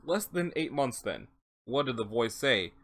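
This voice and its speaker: A reader voicing an adult interviewer who asks questions in a slow, patient way. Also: medium pitch, sing-song, fairly bright tone, exaggerated voice.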